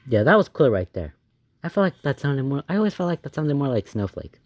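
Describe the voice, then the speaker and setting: A man giving casual reaction commentary on his own old animation, excitable and rambling, often laughing and gasping between thoughts. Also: mid-range voice, fairly quick, no room sound. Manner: excitable and rambling, with many fillers, laughs and gasps.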